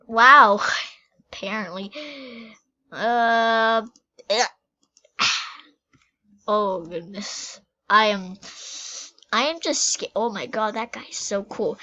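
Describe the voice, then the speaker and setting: A woman giving playful, excitable commentary to herself as she plays a game, reacting loudly and trailing off into whispers. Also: on the high side, slow pace, long pauses, dull audio. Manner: giddy, playful, talks to herself while playing. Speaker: game vlogger. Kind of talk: casual gameplay commentary.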